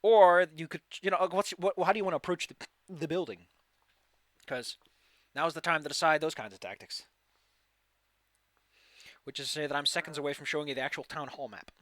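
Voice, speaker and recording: Man, game master, rambling, casual swearing, slightly high voice, dry close sound. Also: a little fast, pauses often, fairly bright tone, dry recording. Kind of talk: running an online tabletop game.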